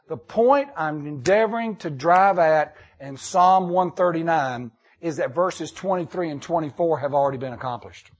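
A man preaching a sermon, reading scripture and repeating key lines emphatically with dramatic pauses. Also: fairly high pitch. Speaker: pastor.

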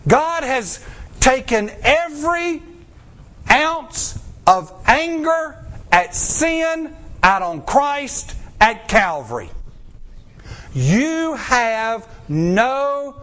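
A middle-aged male pastor, preaching a sermon, acting out quotes and slowing down for emphasis. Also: very high voice. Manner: animated preaching with acted-out quotes and drawn-out pauses.

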